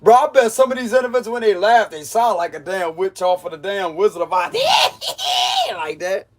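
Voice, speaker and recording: High-voiced man giving a slangy tarot reading. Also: brisk. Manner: slangy, laughs often, mocking. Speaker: tarot reader. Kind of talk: casual tarot reading monologue.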